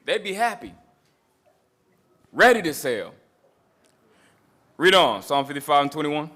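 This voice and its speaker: A man's voice: on the high side, big pitch swings, a little slow, bright, forceful tone. A man preaching a sermon that mixes scripture with street talk, emphatic and repetitive, with mocking asides.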